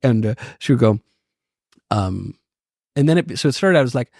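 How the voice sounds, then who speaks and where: A man's voice: medium pitch, normal speed, creaky, dry recording, studio quality. A man in his thirties, a podcast guest telling stories in casual, joking chat. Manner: lively, joking, lots of restarts.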